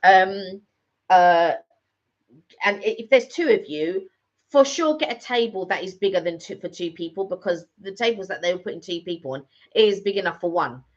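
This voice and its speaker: A middle-aged woman co-hosts a vlog in casual chat, rambling with plenty of fillers and restarts. Her mid-range voice has lively intonation and a moderate pace. The audio is slightly dull and lo-fi.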